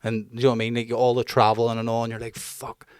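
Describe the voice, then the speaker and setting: A man's voice: medium pitch, completely flat delivery, racing, a little mellow, clean tone, no room sound, clean studio sound. A man, co-hosting a podcast and ranting bluntly with plenty of swearing. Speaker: podcast co-host. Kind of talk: casual chat.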